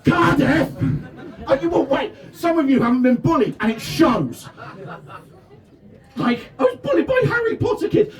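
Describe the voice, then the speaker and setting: High-voiced man doing stand-up in a tent. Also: wildly swooping pitch, unhurried, recorded from a distance. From England (Devon). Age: 30s. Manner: self-deprecating, bursts into shouted punchlines. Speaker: stand-up comedian. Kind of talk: stand-up comedy set. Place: festival tent with a live audience.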